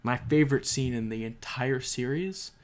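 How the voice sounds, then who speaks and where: A man's voice: medium pitch, normal speed. A young man giving a casual spoken book review, emotional and rambling, with frequent restarts and fillers.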